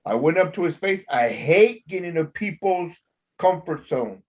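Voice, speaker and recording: A man's voice: fairly high pitch, lively intonation, moderate pace. Blunt, profane man on a lo-fi line. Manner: blunt, profane, swings loud when quoting. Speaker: former corrections officer, co-host. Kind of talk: casual podcast storytelling.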